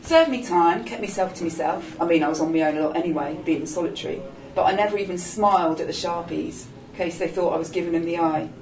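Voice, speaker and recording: A woman's voice: on the low side, quick pace, darkish tone, a little hiss or hum, lightly acted. A woman voicing a streetwise older man, cheeky, coaxing and full of slang, in a storybook reading. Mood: rueful. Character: streetwise older gay man, wry and bossy. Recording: roomy echo, distant mic.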